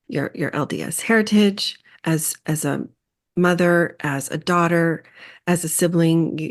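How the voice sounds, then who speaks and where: A woman hosting a podcast, speaking gently and affirmingly, pausing and restarting as she searches for words. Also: low-pitched. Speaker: podcast host and coach. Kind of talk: interview conversation.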